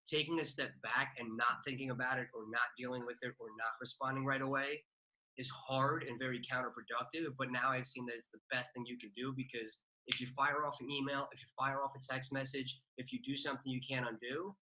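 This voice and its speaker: A man's voice: medium pitch, fairly even intonation, pushed and bright, rough recording. A man talking casually as a podcast guest, chatty with lots of filler words. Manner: fast, chatty, many "like" fillers. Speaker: podcast guest, real estate investor. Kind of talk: casual interview talk.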